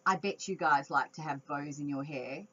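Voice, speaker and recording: A woman reading a picture book aloud to young children, expressive and chatty with her listeners. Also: low voice, normal speed, slightly rough. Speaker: children's storytime reader. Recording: dull lo-fi home recording.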